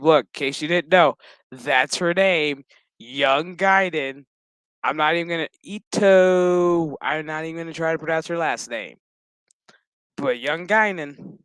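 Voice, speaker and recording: Slow-talking joking man with a smooth voice. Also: a little high, fairly bright tone, dry recording, poor audio. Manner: crude, joking, chuckles between lines, acts out characters' quotes. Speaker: show recap host. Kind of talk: casual profane episode recap.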